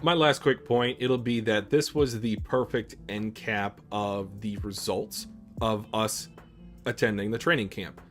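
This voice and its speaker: A man's voice: fairly low pitch, fairly even intonation, measured pace, fairly bright tone, soft background music. A man co-hosting an anime reaction talk, laying out his points at length. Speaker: co-host of anime reaction channel. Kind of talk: casual chat.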